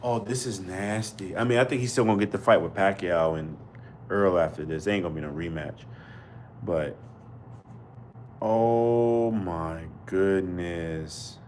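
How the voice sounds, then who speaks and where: A man's voice: low voice, a little slow, a little mellow, slight background noise. A man hosting a live boxing podcast chat, outraged and slangy, repeating his exclamations. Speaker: podcast host. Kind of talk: live fight commentary chat.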